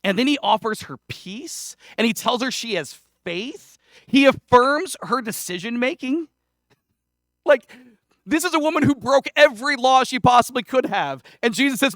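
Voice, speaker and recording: A man's voice: very high-pitched, expressive, normal speed, a bit bright, no room sound, clean studio sound. A male pastor preaching a sermon in a conversational, self-deprecating way, with casual asides. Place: church sanctuary.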